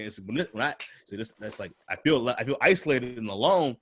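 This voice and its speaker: A podcast host with a husky, medium-pitched voice talks fast in a casual chat. His stories are loose and profane, and he acts out the voices of the people he quotes.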